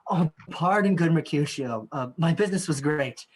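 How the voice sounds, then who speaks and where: A woman's voice: sits low, expressive, moderate pace, husky. A woman playing an earnest young nobleman in a video-call staged reading.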